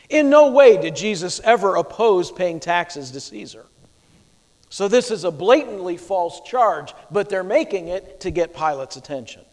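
A man's voice: high voice, animated, moderate pace. A male preacher delivering a sermon, teaching emphatically and asking rhetorical questions. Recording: long hall reverb.

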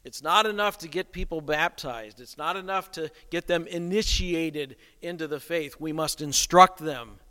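A man's voice: on the high side, moderate pace, few pauses, bright, forceful tone, clear, resonant tone. A man preaching a sermon, emphatic and posing rhetorical questions to the congregation. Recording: long reverb of a hall.

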